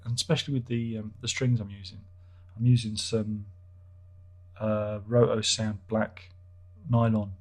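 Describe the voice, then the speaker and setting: A man chats casually on his livestream, reading viewer comments and musing aloud. His voice is husky with a slightly breathy edge, and he rambles, cuts himself off and restarts his sentences with dry, wry asides. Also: fairly low pitch. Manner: rambling, self-interrupting, wry. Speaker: livestream host reading chat.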